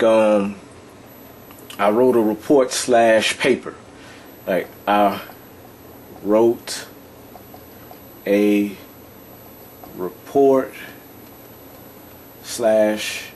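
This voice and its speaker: A man with a mid-range voice and darkish tone explains things in a casual lesson, rambling and repeating himself while often confirming the listener follows along. There's slight background noise.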